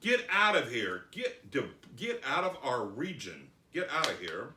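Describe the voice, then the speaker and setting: A man voicing angry townsmen who loudly order someone to leave. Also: mid-range voice, sing-song, moderate pace, noisy background, close to an everyday voice. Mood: indignant. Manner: loud, indignant. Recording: roomy echo, distant mic.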